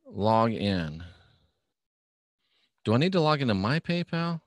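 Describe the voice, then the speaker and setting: A man's voice: medium pitch, very animated, slow pace, no echo. A middle-aged man hosting a casual live stream, reading viewer questions and rambling in an offhand, joking way. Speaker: livestream host reading viewer comments.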